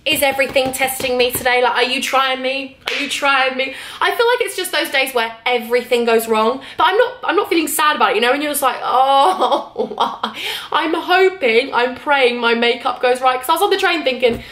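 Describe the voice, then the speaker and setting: Quick chatty girl in her 20s, ranting about her day, kinda high voice, echoey hotel room. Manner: animated, acts out both sides of conversations. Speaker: vlogger. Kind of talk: chatty storytelling vlog.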